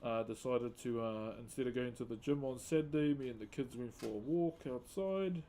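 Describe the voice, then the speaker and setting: Carving wood during a live broadcast, a mellow man with a New Zealand accent chats casually and calls out viewers by name in easygoing slang. His mid-range voice moves at a moderate clip with few pauses.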